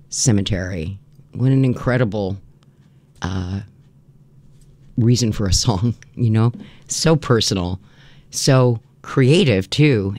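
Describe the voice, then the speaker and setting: A woman hosting a radio music show in casual on-air chat, playful and quick to laugh between songs. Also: very deep voice, mellow, no room sound. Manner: chatty, laughs easily, playful asides. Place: radio studio. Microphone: studio microphone.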